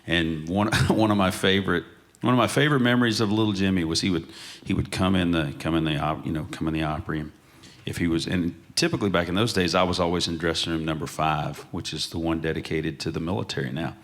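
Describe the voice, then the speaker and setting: Low, gravelly man telling stories. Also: fast talker. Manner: storytelling, laughs through punchlines. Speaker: panel guest, country singer. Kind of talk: animated anecdote telling. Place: museum stage program.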